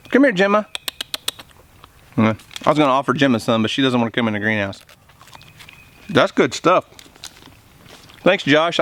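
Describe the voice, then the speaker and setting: A man hosting a homestead vlog in a greenhouse, chatting eagerly and talking with food in his mouth. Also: a little high. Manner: excited, chatty, eating while talking. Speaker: homesteading channel host. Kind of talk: casual vlog talk to camera.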